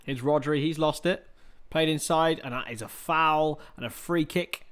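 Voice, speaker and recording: A man calling a match on his own livestream, loose and chatty with plenty of self-mocking jokes. His voice sits a little on the high side for a man. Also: moderate pace, fairly bright tone. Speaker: livestream host. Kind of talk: casual watchalong commentary.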